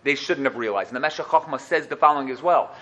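A man's voice: medium pitch, fast talker, lo-fi sound. A man teaching a Torah class to listeners, storytelling and joking as he goes and acting out the voices in his stories. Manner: lively storytelling, acts out voices, jokes with listeners.

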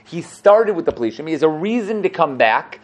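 Animated male Torah teacher. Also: fairly high pitch, moderate pace. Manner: acts out quotes, asks "right?" often. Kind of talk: animated classroom Torah lesson.

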